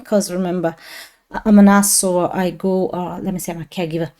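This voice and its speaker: A woman's voice: lowish voice, flat delivery, a little fast, mellow. A woman in her thirties telling a personal faith testimony in a rambling, casual way with many fillers and restarts. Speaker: testimony speaker.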